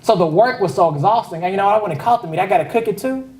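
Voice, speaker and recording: A pastor delivers a loose, conversational sermon, his voice sitting noticeably high for a man. He is heard from some distance in a roomy, echoing sanctuary. He talks casually and drops joking asides to the congregation. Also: racing, darkish tone. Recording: echoey hall, voice picked up from afar.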